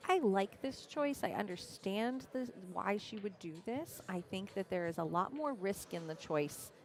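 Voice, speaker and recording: A woman commentating a live pool match, breaking down shots in a measured, analytical way with a dry sense of humor. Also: mid-range voice, animated. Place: pool hall.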